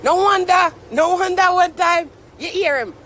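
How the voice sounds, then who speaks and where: A man's voice: extremely high pitch, fairly even intonation, measured pace, bright, forceful tone, slight background noise. A young Jamaican man ranting on a live stream, mock-tearful and theatrical. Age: young adult. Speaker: social media commentator.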